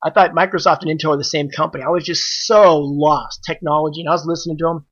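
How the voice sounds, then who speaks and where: A man tells his story as a guest on a podcast, in a bright, forceful voice. He acts out the conversations he remembers. The recording sounds dull and lo-fi. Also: on the high side, fast talker. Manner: animated, acts out quoted dialogue. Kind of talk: casual storytelling.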